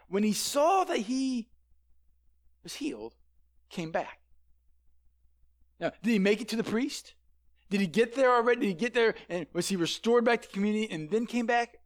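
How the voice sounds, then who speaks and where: Wearing a headset mic, a high-voiced man delivers a sermon in a lively, conversational style, frequently repeating words as he begins sentences.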